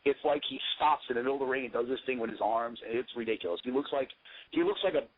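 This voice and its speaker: Over a tinny phone line, a man with a mid-range voice races through casual stories. He's a pro wrestler guest, and his telling is rambling, profane and jokey.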